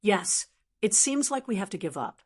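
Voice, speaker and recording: A woman voicing a calm young male martial hero in an audiobook, giving brief, plain replies. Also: medium pitch, moderate pace, slightly rough.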